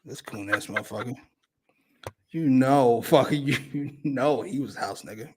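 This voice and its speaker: A man's voice: mid-range voice, measured pace, background noise. A man co-hosting a wrestling review show in casual chat, ranting with heavy profanity. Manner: profane, animated rants.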